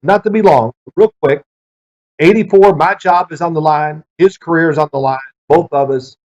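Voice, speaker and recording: A middle-aged man, a former football player, answering interview questions with lively anecdotes. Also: fairly high pitch, moderate pace. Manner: lively storyteller who acts out quoted people. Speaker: interview guest, former pro quarterback. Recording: dull lo-fi sound.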